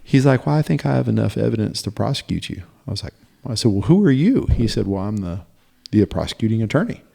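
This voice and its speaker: A man with a low, gravelly voice recounts a story on a podcast. He talks in a halting, animated way, full of fillers and restarts. The delivery is loose and conversational. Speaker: podcast guest. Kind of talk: casual storytelling.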